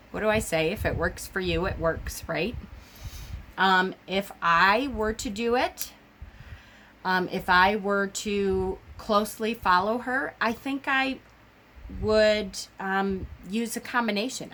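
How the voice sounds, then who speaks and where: A woman's voice: lowish voice, a bit bright, slight background noise. A woman hosting a witchcraft channel, talking casually to her viewers and wandering through her thoughts with many ums and restarts. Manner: rambling, full of ums and restarts. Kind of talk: casual vlog talk.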